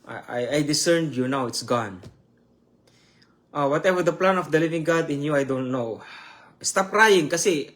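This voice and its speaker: A man preaching and praying online, emotional and repetitive, with halting restarts. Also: on the high side, expressive, a bit bright. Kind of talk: online sermon with prayer.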